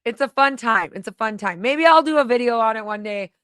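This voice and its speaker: A woman hosting a livestream in casual chat, talking in an excitable, chatty way and laughing often. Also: fairly high pitch, brisk, clean tone, dry recording, clean studio sound. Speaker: livestream host.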